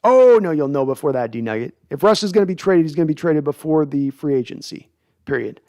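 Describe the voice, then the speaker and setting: A man's voice: on the high side, animated, fast, warm tone. Rambling male podcast host. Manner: rambling, with frequent restarts and fillers. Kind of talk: casual livestream chat answering viewer comments.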